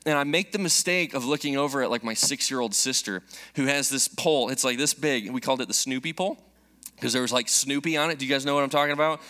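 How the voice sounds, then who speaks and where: A man in his thirties preaching a sermon, telling a personal story in an animated, joking way. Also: mid-range voice, fast talker. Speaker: pastor.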